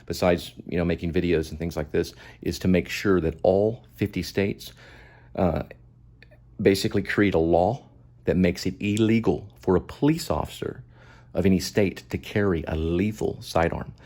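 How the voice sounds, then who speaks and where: Deep-voiced man giving impassioned commentary. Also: steady tone, moderate pace, a little mellow. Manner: moralizing, emphatic, repeats points. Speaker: show host commenting on a video.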